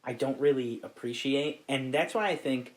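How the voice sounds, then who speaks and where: A man's voice: medium pitch, moderate pace. A man from Ohio, a guest on a podcast, chatting casually, laid-back, swearing freely and often laughing. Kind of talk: casual chat.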